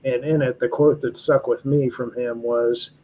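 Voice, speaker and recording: A man in his fifties, a retired army officer, telling his service stories in an interview with earnest, halting speech full of fillers and restarts. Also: medium pitch, steady tone, darkish tone, slight background noise, rough recording. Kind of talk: storytelling interview.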